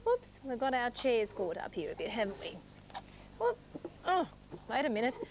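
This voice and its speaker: A young woman presenting a children's TV show in a coaxing, sing-song way, speaking slowly to small children on a clip-on mic in a studio. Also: a little high, wildly swooping pitch, a little hiss or hum. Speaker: children's TV host. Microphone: clip-on mic on jumper.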